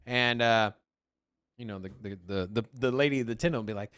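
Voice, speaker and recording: A man's voice: mid-range voice, a bit bright, clear, resonant tone. A man co-hosting a casual show, telling rambling, teasing stories with lots of restarts. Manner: rambling, teasing, halting storyteller. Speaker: co-host. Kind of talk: casual banter.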